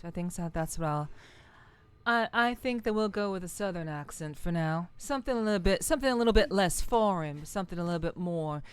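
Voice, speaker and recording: A woman's voice: fairly low pitch, clear, resonant tone. A young adult woman streaming a game, chatting casually with viewers in a joking, profane way and often repeating herself. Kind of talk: casual gameplay chat.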